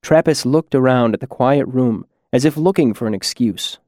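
A man narrates a first-person audiobook in a measured, quiet reading. His voice sits at an ordinary middle pitch, and the recording is close and dry with no room sound. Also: no echo.

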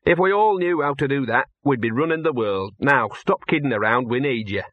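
A man doing a gruff, weary old dog. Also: mid-range voice, expressive, brisk, dry recording, narrow, tinny audio, lightly acted. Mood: grumbling. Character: old, scruffy, cynical small male dog.

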